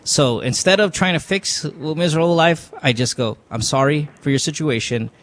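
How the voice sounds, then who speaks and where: A Filipino-accented man hosts an advice podcast, speaking bluntly with lots of profanity and switching between English and Tagalog. His slightly high, a bit bright voice has lively intonation and a moderate pace in this casual advice talk.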